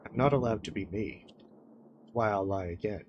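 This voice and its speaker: A woman voicing a lonely, anxious young girl in a visual novel game, with a soft, subdued voice. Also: rumbling low, moderate pace, lo-fi sound, noisy background, voice pushed down. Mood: gloomy.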